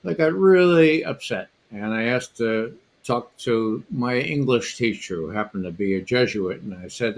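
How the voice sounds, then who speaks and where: A man's voice: mid-range voice, animated, measured pace, few pauses. An older man speaking as a guest panelist on a livestream, telling a story in an emphatic way and repeating his words.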